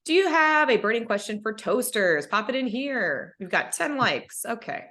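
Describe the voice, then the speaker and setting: A woman's voice: a little high, sing-song, moderate pace, sharp tone. A woman hosting a podcast over a video call, chatting casually in a rambling way with many ums and uhs. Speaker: podcast host. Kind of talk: casual chat.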